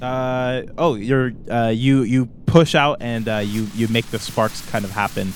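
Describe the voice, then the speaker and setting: A man's voice: medium pitch, steady tone, unhurried, a little hiss or hum. A man narrating as game master, hesitant and full of fillers and self-corrections.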